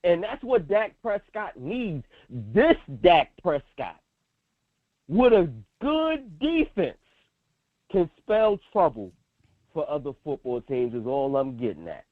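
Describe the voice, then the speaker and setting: A man's voice: on the high side, big pitch swings, slow pace, dry recording. A man co-hosting a sports show, arguing football in a casual, insistent way. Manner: insistent, talks over his co-host. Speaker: sports podcast co-host. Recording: tinny phone-like line.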